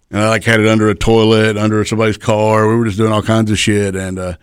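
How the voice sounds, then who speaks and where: A man's voice: fairly low pitch, completely flat delivery, quick pace, clear, resonant tone, dry recording, studio quality. A middle-aged man, a former wrestler, telling rambling, profane backstage stories in casual chat. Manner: laid-back, profane, rambling anecdotes. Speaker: guest, retired pro wrestler. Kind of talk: casual storytelling.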